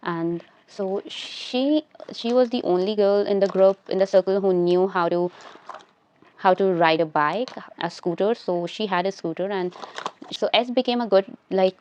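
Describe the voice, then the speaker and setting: A woman's voice: fairly low pitch, darkish tone, smooth. A young woman tells a casual storytime at home, rambling and restarting her sentences as she does her makeup. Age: young adult. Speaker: vlogger telling a story. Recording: slightly dull, lo-fi sound.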